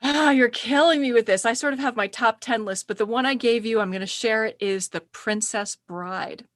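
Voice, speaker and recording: A middle-aged woman chatting as a podcast guest, animated and quick to laugh while telling stories. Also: a little high, no echo, studio quality. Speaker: podcast guest, speaker agent. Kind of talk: casual interview chat.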